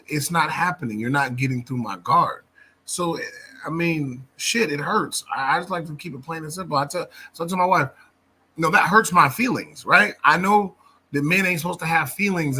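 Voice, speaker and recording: Bright-voiced, blunt-talking man. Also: a little high, slightly rough. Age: adult, a father. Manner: blunt, plain-spoken, swears casually. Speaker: men's circle participant. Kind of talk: casual group discussion.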